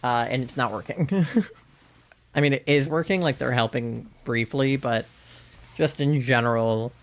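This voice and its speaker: Gravelly young man chatting on stream. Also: mid-range voice, measured pace. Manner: chatty, rambling, many fillers. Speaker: livestreamer. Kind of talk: casual chat while gaming. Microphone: headset.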